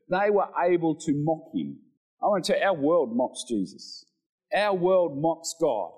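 A man preaching a sermon, animated, rising to emphatic peaks and dropping low.

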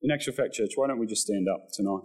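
A man preaching a sermon to his church, telling the story with animated delivery and acted-out quotes. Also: lowish voice, fast talker, low-quality recording. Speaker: pastor.

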